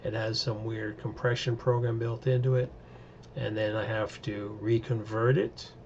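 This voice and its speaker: A man's voice: on the low side, little pitch movement, measured pace, a little mellow, dull audio, a little hiss or hum. A man in a casual solo video review, talking in a chatty, rambling way with lots of fillers and asides, recorded on a webcam microphone at home.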